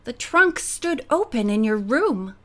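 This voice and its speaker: A woman's voice: fairly high pitch, very animated, slow. A woman voicing a worried, doleful middle-aged housekeeper in an audiobook. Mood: fretful.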